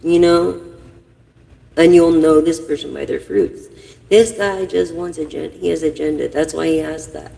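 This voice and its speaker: A woman's voice: sits low, fairly even intonation, unhurried, vocal fry, mellow, long reverb tail, poor audio. A woman doing a casual tarot reading for her viewers, giving blunt, profane, rambling advice. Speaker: intuitive tarot reader.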